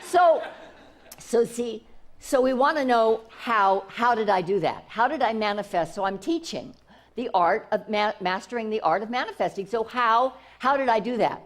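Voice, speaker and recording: A woman giving an inspirational talk as a spiritual teacher, bubbling with enthusiasm. Her voice sits fairly high and swoops through a wide, lively range. She repeats phrases and restarts often as the excitement carries her. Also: normal speed.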